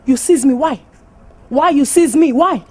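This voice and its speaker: An actress with a Nigerian accent playing a bossy, jealous young wife who scolds loudly in broken English. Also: female voice, sits high, a little slow. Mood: scornful. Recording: echoey room with music.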